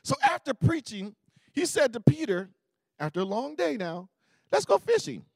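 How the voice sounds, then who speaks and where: A man preaching a sermon, telling a Bible story with lively acted-out voices. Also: very high voice, normal speed, creaky, no room sound, clean studio sound. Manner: animated storytelling, acting out voices.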